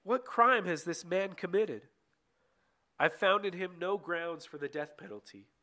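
A man's voice: high voice, measured pace, bright, forceful tone, pitched above the performer's own voice. A man reading as a stern Roman governor. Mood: insistent. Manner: plain read-aloud delivery of quoted speech. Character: stern male Roman governor, weary and insistent.

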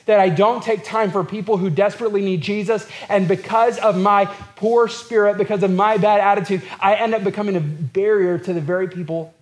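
A pastor delivers his sermon in a fairly high voice. He is earnest and repeats phrases to build his point. He acts out the words of the people in the text. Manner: earnest, repetitive preaching with acted-out quotes.

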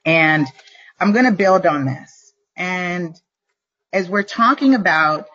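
Middle-aged woman, vlog host, low-ish husky voice, emphatic and repetitive motivational delivery, slightly muffled webcam audio. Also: lively intonation, a bit bright. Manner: emphatic, repeats and slows down to stress points. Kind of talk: motivational live-stream talk.

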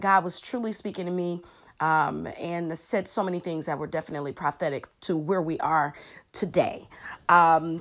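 A woman hosting a Sunday devotional podcast, talking casually and earnestly with frequent ums. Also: lowish voice. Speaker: podcast host.

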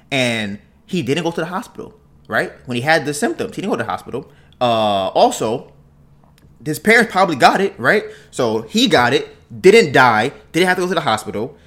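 Guy on a podcast ranting through a story, slightly high voice, swings up and down a lot, keeps saying right. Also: a little fast. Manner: animated storytelling, ends phrases with "right?". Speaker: podcast host. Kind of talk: casual podcast monologue.

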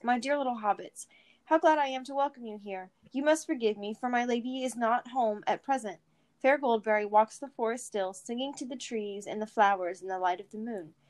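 A woman's voice: on the high side, fairly quick, lightly acted. A woman voicing a merry old male forest spirit who plays host, with a sing-song, old-fashioned, kindly way of talking. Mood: merry, gentle.

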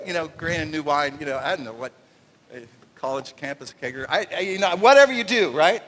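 Casting: male pastor, high voice, animated and joking, sermon in a reverberant church. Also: brisk, noisy background. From Canada. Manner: animated, jokey, acts out little voices. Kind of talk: conversational sermon. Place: church sanctuary. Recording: long reverb of a church hall.

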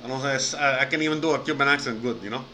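A man's voice: mid-range voice, racing, pushed and bright, a little hiss or hum, rough recording. A man from Miami chatting casually on a live stream, rambling with lots of fillers, swearing now and then and thanking viewers by name. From Miami, United States.

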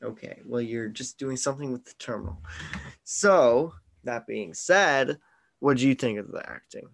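A man with a mid-range voice, moderate pace, vocal fry, and a fairly bright tone hosts a casual movie-review podcast over an online call. He is opinionated and teasing, putting on mock exasperation.

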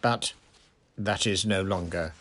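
A man voicing a calm, dignified male centaur who teaches with slow, grave, measured speech. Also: deep voice, slight background noise.

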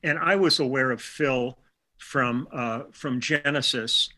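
An older man from Milwaukee with a bright, forceful voice, talking through a long anecdote in a relaxed interview. He wanders through his memories, restarts his sentences and acts out bits of dialogue along the way. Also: mid-range voice, slow. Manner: chatty, anecdotal, with many restarts and quoted dialogue. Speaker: interview guest, session musician. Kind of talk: casual storytelling interview.

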